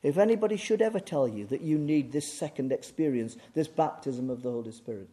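Dynamic preaching man, loud to hushed. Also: lively intonation, a little fast. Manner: swings from booming emphasis to hushed intensity. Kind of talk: sermon.

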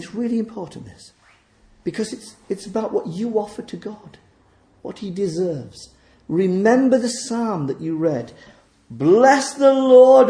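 A man's voice: high-pitched, mellow, reverberant. A man preaching a sermon in a church, fervent and emphatic as he exhorts the congregation.

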